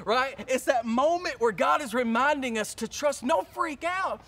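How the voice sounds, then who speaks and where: A male pastor preaching a sermon, telling a story in a lively, casual way and acting out his own panic. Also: very high-pitched, moderate pace, hardly any pauses.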